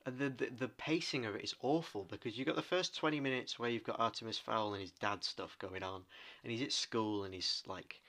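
A man co-hosting a podcast, retelling things in a rambling, animated way. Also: mid-range voice, a little fast. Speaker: podcast co-host. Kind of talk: casual chat.

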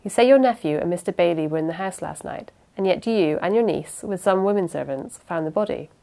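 A woman reading the part of a youngish male detective who presses his questions in a measured, insistent way. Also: fairly low pitch, expressive, creaky, dark tone. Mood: probing.

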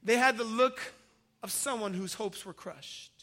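Retelling a Bible story vividly in his sermon, this pastor shifts from forceful emphasis to soft, hushed moments. He speaks a little slowly in a high-pitched male voice.

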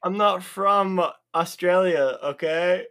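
A man's voice: high-pitched, slow, a bit bright. A man playing a tabletop game, joking and playful with his friends. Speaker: player. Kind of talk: casual tabletop banter.

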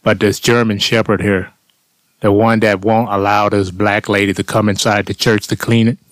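Deep-ish male storyteller, dry close recording, blunt, profane, street-casual monologue. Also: level tone, moderate pace, no echo. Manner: blunt, profane, conversational with "man" tags. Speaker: storyteller vlogger.

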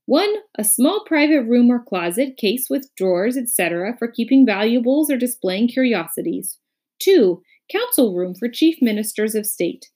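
A woman's voice: fairly high pitch, sing-song, moderate pace, dark tone, breathy edge, voice pushed up. A woman doing a pedantic duke reciting. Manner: recitation, list-like.

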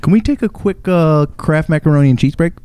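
A young man co-hosting a casual podcast, laid-back, with deadpan quips. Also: a little high, a little fast, clear, resonant tone. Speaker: podcast co-host. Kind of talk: casual chat.

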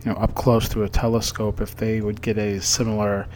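Flat low-voiced male narrator. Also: fairly quick, a little hiss or hum. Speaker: interviewer narrating.

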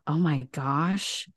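A woman with a low voice chats as co-host on a video call, bubbly and gushing. The sound is close and dry, with no room around it. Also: dry recording. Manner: bubbly and gushing, quick to laugh. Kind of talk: casual chat.

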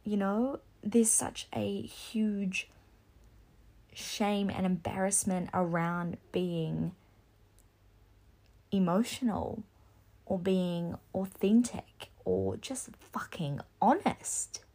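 Slow, fired-up sweary young woman. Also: mid-range voice. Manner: impassioned, blunt and sweary, rising to near-shouting. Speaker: podcast host. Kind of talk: casual solo podcast monologue.

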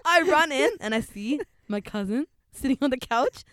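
A young woman in casual chat, telling an animated story full of swearing and quoted voices. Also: sits high, moderate pace, dry recording.

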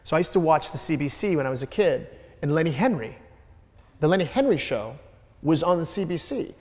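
Man from Detroit, comedian in a stage Q&A, slightly high voice, animated and repetitive, echoey auditorium. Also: a little fast. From Detroit, USA. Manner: lively, repeats words while building up jokes. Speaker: guest comedian in a Q&A. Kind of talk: animated onstage storytelling.

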